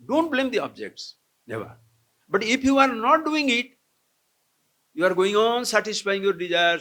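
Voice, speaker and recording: A man giving a humorous, animated spiritual discourse as a swami, calling his listeners friends. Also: on the high side. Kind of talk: spiritual discourse to a camp audience.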